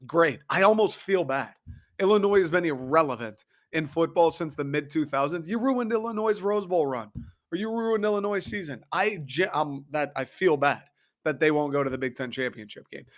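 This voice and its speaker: Young male sports podcaster, profane and loose, pitched a bit high, casual ranting delivery. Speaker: podcast host.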